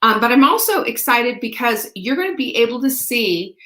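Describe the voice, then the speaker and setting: A woman hosting a live show, chatting brightly and greeting viewers by name. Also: fairly high pitch, very animated, moderate pace. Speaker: host. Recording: roomy echo.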